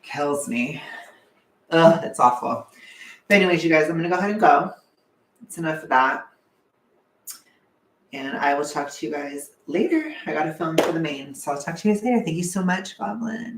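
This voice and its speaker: A young man chatting casually on a livestream, animated and chatty, sometimes swearing, laughing often, heard from a distance. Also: a little high, normal speed, pauses often. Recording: echoey room, away from the mic.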